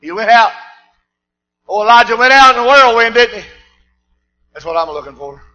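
A man preaching a sermon, swinging between shouted preaching and low asides. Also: expressive, moderate pace, rough recording.

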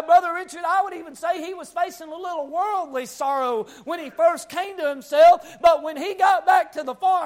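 A male preacher with an Appalachian accent and a very high voice for a man. He preaches a fervent sermon, pushing up into shouts and asking the room for amens.

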